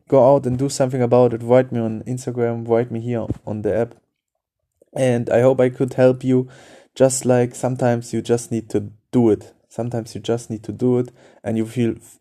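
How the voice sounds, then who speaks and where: A man's voice: mid-range voice, mellow. A man hosting a podcast, giving casual dating advice in a direct, repetitive coaching manner. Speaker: podcast host.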